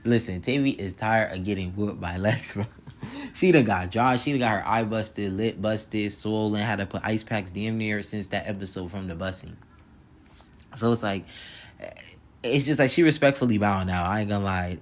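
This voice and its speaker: A man's voice: fairly low pitch, moderate pace. A man recapping a reality show episode in casual, rambling commentary, full of slang and asides to the viewer. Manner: slangy, rambling, keeps asking "you feel me". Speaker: YouTube reality-show reviewer.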